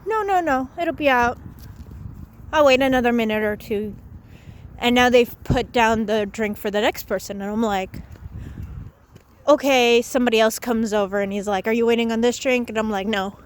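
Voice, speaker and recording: A woman's voice: on the high side, normal speed, slight background noise. A young woman vlogger telling a rambling casual story, saying "like" a lot and swearing casually.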